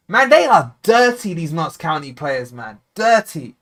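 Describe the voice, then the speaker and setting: A man hosting a live football watchalong, talking casually and bluntly to his viewers and swinging between grumbling and loud cheering. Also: a little high, big pitch swings, measured pace. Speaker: football fan channel host. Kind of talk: live match watchalong commentary.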